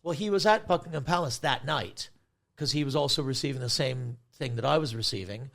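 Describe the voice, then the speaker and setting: A man's voice: mid-range voice, fairly quick, gravelly. A man guesting on a comedy podcast, telling rambling comic stories with many restarts and acting out the people in them. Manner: excitable, restarts sentences, acts out the people in his stories.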